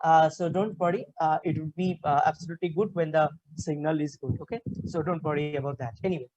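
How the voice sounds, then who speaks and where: A woman from India with a Bengali-tinged Indian English accent, giving an online class as a communication skills trainer over a video call, talking haltingly with many fillers. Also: deep voice, fairly even intonation, warm tone, highs cut off.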